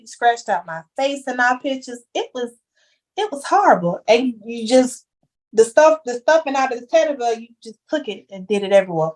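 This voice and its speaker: A young woman talking candidly as a podcast guest, telling her story with heavy slang and emphasis. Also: on the high side. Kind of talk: casual chat.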